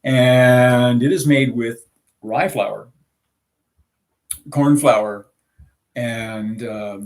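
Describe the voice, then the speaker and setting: A man's voice: medium pitch, fairly even intonation, very slow, a little mellow. A man who grew up in the American South, co-hosting a casual live chat aboard a small sailboat, rambling with lots of fillers and chuckles. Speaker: sailing vlog co-host.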